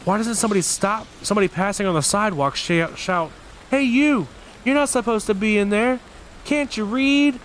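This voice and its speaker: A man reading aloud and voicing a frightened young boy who talks breathlessly, rising into shrill alarm. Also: a little slow, a little hiss or hum, close to an everyday voice. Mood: panicked.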